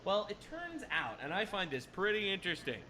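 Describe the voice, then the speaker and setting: A man's voice: high-pitched, huge pitch swings, brisk, pushed and bright, slight background noise. A man giving sarcastic, mocking online commentary as a political commentator.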